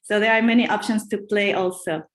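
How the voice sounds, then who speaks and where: A woman's voice: medium pitch, steady tone, fairly quick, echoey room. A woman hosting a video call meeting, first chanting a rhythmic dance in a sing-song way, then chatting to the group with many fillers. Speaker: meeting host and dance leader. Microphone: video call computer mic.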